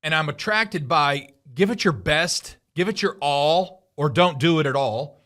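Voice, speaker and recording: A man's voice: fairly high pitch, a little slow, fairly bright tone. A middle-aged man hosting a podcast, giving an emphatic motivational monologue with lots of repetition. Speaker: podcast host.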